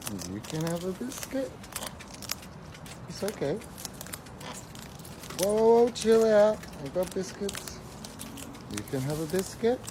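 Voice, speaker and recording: A woman patiently handing out treats to her birds, soothing and calm. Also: on the low side, background noise. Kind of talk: coaxing pet birds with treats.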